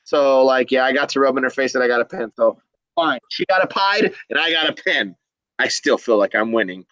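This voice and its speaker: A man's voice: medium pitch, fairly quick, fairly bright tone, no echo, lo-fi sound. A man hosting a casual livestream, upbeat and enthusiastic, reading viewer comments aloud. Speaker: livestream host.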